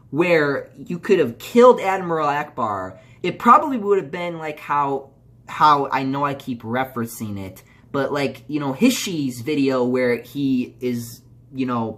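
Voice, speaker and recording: A man's voice: fairly high pitch, sharp tone. A young man doing a casual movie review, rambling through restarts and fillers and swearing as he gets heated. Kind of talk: casual video review rant.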